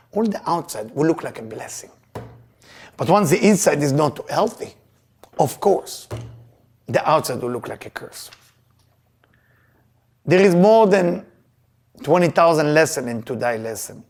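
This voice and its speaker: A man teaching Kabbalah to a live audience, telling personal stories in an emphatic, animated way with loose grammar. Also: fairly high pitch, vocal fry. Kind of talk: lesson with personal storytelling.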